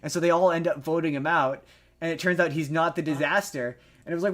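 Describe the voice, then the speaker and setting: A man with a slightly high voice talks on a casual podcast. He tells his story in a rambling, lively way and keeps stopping to restart his sentences. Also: fast talker, a crowd in the background. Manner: rambling, animated retelling with many restarts. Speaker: podcast co-host.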